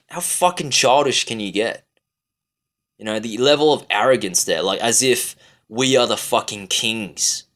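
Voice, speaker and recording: Australian man, vlog rant, heavy swearing, exasperated, rambling, mid pitch. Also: fairly bright tone. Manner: profane, exasperated, rambling with many fillers. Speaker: vlogger. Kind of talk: ranting monologue.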